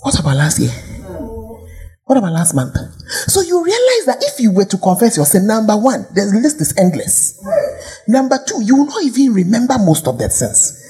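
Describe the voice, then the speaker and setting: A woman's voice: medium pitch, wildly swooping pitch, normal speed, mellow. A woman pastor with a Ghanaian accent preaching a sermon, firing rhetorical questions and sometimes dropping to a whisper.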